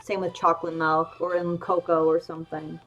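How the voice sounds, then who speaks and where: Chatty low-voiced woman streamer, rambling. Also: flat delivery, moderate pace, fairly bright tone, lo-fi sound, soft background music. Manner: rambling, with frequent ums and restarts. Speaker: streamer drawing emotes. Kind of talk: casual chat while drawing.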